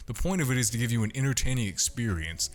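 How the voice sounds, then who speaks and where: A man's voice: medium pitch, lively intonation, quick pace. A young man talking casually as a podcast guest, brash, boastful and full of swearing. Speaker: podcast guest, content creator.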